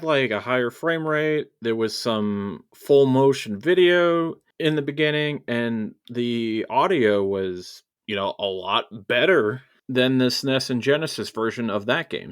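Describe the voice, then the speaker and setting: A man hosting a podcast in casual chat, thoughtful and measured. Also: medium pitch, expressive, clean tone. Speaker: podcast host.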